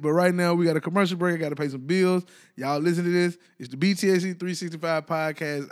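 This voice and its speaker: A man's voice: a little high, steady tone, quick pace. A man hosting his own podcast in loose casual chat, rambling and breaking off to restart his thoughts. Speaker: podcast host.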